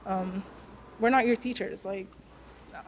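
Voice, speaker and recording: A woman's voice: mid-range voice, unhurried, slight background noise. A teenage girl, a student speaking frankly and firmly, with plenty of "like" and "um". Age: teens. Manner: firm and frank, with fillers. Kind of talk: candid reflection.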